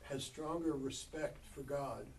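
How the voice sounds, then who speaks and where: Study group member: man, very slow and halting, heard from a distant mic with faint noise. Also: medium pitch, fairly even intonation, a little mellow. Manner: halting, thinking aloud with many ums. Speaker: Bible study participant. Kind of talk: group Bible study discussion.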